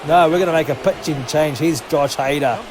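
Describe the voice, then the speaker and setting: Excitable sweary man calling game action. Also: on the high side, brisk, a crowd in the background. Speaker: gaming channel host. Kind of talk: mock play-by-play commentary over a video game.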